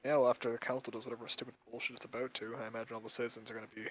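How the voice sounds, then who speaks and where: A man's voice: medium pitch, little pitch movement, rapid-fire, a bit bright, rough recording. A man playing a tabletop game, speaking candidly and rambling with plenty of hedges. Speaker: player.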